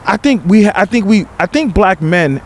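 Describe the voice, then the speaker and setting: A man's voice: high-pitched, animated, normal speed, a little hiss or hum. A man guest on a podcast, talking reflectively with many repeats and filler phrases. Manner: reflective, hesitant, repeats words, lots of 'you know'. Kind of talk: candid podcast conversation.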